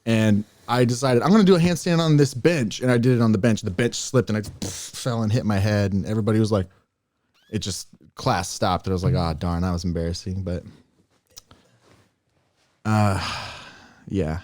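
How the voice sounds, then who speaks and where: A young man co-hosting a podcast, telling stories in a casual, animated way and acting out quoted voices. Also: fairly low pitch, moderate pace, dry recording. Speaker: podcast co-host. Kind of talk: casual chat.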